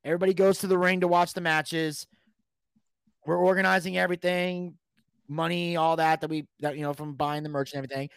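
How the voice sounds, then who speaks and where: Guy w a high voice telling a swear-filled story, acts out the quotes, dry close sound. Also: fairly quick, creaky, clean tone, dry recording. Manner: animated, profane, acts out quotes. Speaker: podcast guest. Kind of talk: casual storytelling.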